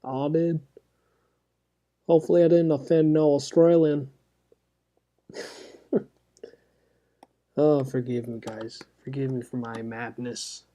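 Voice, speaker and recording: Unhurried man, mellow voice, rambling playful self-talk while drawing. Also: medium pitch, level tone. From South Florida. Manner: goofy, rambling self-talk with sound effects. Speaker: artist coloring on stream. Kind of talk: casual chat while drawing.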